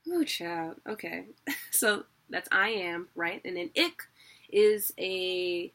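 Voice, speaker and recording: A woman's voice: fairly low pitch, lively intonation, slow pace, fairly bright tone. A young woman giving a casual, chatty video lesson on poetry rhythm, laughing at herself and checking that viewers keep up. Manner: chatty, self-deprecating, laughs often. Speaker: online teacher.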